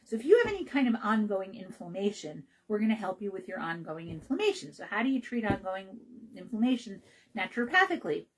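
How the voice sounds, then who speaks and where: A woman's voice: medium pitch, sing-song, quick pace, slight background noise, rough recording. A woman hosting a health radio show, talking casually about naturopathic care in a chatty, rambling way with many fillers and restarts.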